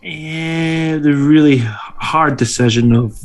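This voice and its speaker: A man's voice: a little high, takes it slowly, faint music behind. A man co-hosting a casual sports podcast with a dry, understated, hedging manner. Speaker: podcast co-host.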